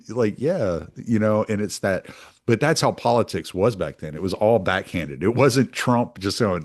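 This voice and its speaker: A man's voice: lowish voice, normal speed, a little mellow, no echo, clean studio sound. A man hosting casual political commentary, rambling with lots of fillers and restarts. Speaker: host.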